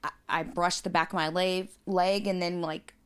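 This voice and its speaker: A woman's voice: lowish voice, normal speed, clear, resonant tone. A mother, chatting casually and telling stories full of swearing. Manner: profane, animated storyteller. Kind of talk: casual chat.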